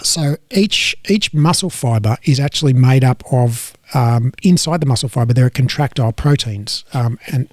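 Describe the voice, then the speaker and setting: A man's voice: medium pitch, moderate pace, hardly any pauses, darkish tone, no room sound, clean studio sound. A man with an Australian accent explaining muscle science in casual chat, rambling with many fillers and restarts. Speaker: educator.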